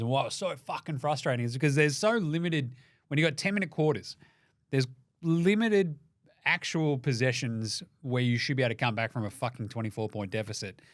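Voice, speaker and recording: A man with an Australian accent hosting a basketball show, ranting sarcastically and swearing, dropping to mutters and then flaring into loud outbursts. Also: medium pitch, dry recording, clean studio sound. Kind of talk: profane sports commentary rant.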